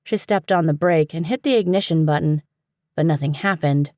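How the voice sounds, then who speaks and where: Give me a woman with a low voice narrating an audiobook steadily, dry and close. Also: moderate pace, darkish tone, dry recording. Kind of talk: scripted narration.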